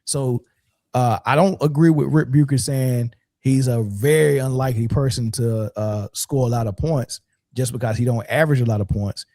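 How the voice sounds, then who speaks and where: Mellow-voiced man chatting loosely. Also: mid-range voice, moderate pace, no echo. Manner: loose, conversational, filler-heavy. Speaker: podcast co-host. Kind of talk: casual chat.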